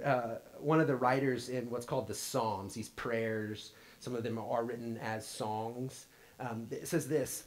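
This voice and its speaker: Earnest man preaching, loud then hushed. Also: medium pitch, steady tone, moderate pace, low-quality recording. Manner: earnest, repeats words when starting sentences, swings from loud to hushed. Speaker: pastor. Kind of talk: sermon with personal story. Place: church sanctuary.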